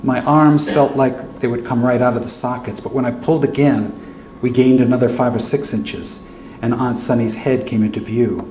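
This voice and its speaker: A man's voice: mid-range voice, normal speed. Man reading his novel in an echoey hall. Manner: steady first-person narration. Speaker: author. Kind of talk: reading his fiction aloud. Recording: echoey hall with faint hum.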